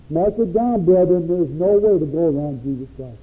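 A man's voice: high voice, fairly quick, hardly any pauses. A man preaching a sermon with an emphatic, rising and falling cadence. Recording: tinny phone-like recording.

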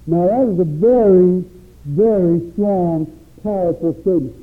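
Man, preacher, sermon, emphatic cadence, higher voice, thin phone-like sound. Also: moderate pace. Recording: tinny phone-like recording.

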